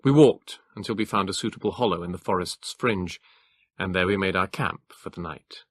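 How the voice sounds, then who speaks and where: A deep-voiced man narrates a scripted audiobook, captured in a clean, dry studio recording. He keeps his storytelling calm, even, and measured.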